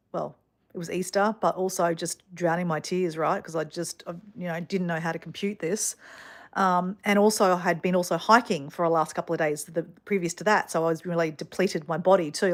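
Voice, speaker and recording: Middle-aged Australian woman, casual vlogger, rambling storyteller, slightly low voice. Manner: chatty, rambling, lots of fillers and asides.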